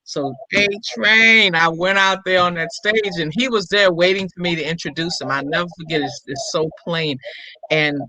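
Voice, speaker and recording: Forceful older woman, vivid storyteller. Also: lowish voice, moderate pace, no echo, rough recording. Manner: acts out quoted dialogue with lively shifts in voice. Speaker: comedian and impressionist, guest. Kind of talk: animated storytelling in an interview.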